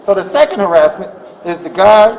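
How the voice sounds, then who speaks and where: A man's voice: high voice, fairly quick, a loud crowd. Insistent man in his fifties, echoey and distant. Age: 50s. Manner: insistent, repetitive, rising to shouting. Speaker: complaining building occupant. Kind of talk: heated argument with police. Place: indoor building office. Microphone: police body camera. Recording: echoey body camera audio from a distance.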